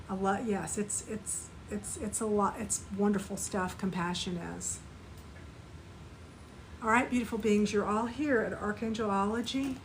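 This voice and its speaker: A woman teaching a live online spiritual class, gently guiding listeners through an energy clearing and repeat-after-me compassion phrases. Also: mid-range voice, slight background noise, poor audio.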